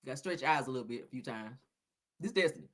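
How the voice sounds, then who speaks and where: A woman hosting a casual live commentary stream, loud and laughing, swearing and throwing in dramatic exclamations. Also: very deep voice, lively intonation, quick pace. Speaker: commentary livestream host.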